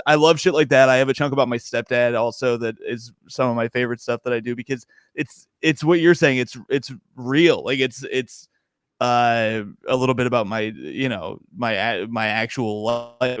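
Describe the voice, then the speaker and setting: A young man, a stand-up comedian, chatting casually on a podcast, animated and laughing often. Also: medium pitch, normal speed, clear, resonant tone, no echo, clean studio sound.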